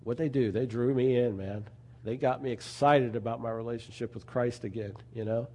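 Earnest conversational male preacher, mellow voice. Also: medium pitch, steady tone, moderate pace. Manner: conversational, earnest, with asides like "you know". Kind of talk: sermon.

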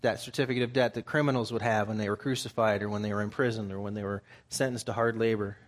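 A man's voice: lowish voice, steady tone, quick pace. A man preaching a sermon, reading scripture aloud and explaining it in plain, conversational terms.

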